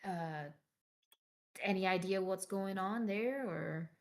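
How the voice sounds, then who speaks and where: A woman's voice: mid-range voice, slow. A woman playing a weary, drifting former bodyguard in a tabletop game, speaking politely in a hesitant, rambling way. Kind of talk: tabletop role-play in character.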